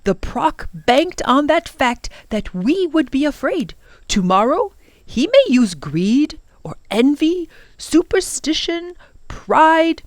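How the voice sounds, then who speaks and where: A woman's voice: high voice, dry recording, voice pushed up, heavily acted. A woman voicing a wise, kind old professor. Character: wise, kind older male professor, calm mentor. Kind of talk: storybook reading aloud.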